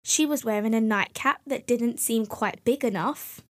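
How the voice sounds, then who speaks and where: A woman reading a children's fairy tale aloud as storyteller, gentle and clear. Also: a little high, moderate pace.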